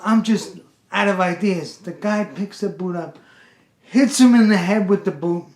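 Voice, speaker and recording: A man telling a comic story in an animated, exasperated, streetwise way. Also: high voice, a little slow. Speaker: pest control worker and storyteller. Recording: roomy echo.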